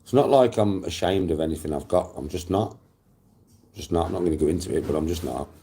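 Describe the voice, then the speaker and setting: A middle-aged Englishman with a very low, mellow voice, chatting casually. He rambles, swears freely and circles back over his own phrases. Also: fast talker. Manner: rambling, profane, repeats himself. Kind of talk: casual storytelling chat.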